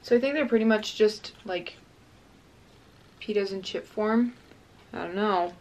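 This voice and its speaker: A young woman hosting a casual eating vlog, talking in a bubbly, excitable way and saying "like" a lot. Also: medium pitch, measured pace, pauses often, slight background noise. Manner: bubbly, excitable, says "like" often. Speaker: mukbang vlogger.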